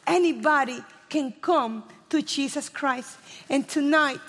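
Fervent and high-voiced, this woman preacher has a Spanish accent and comes from a Spanish-speaking country. Rapid and passionate, she shifts between loud and quiet during an evangelistic sermon ending in an altar call. Musicians play gently in a church hall with lingering reverb.

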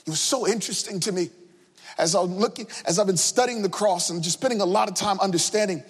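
A man preaching a sermon with impassioned delivery, sung cadences and shouted refrains. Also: high voice, quick pace, breathy edge. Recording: long hall reverb.

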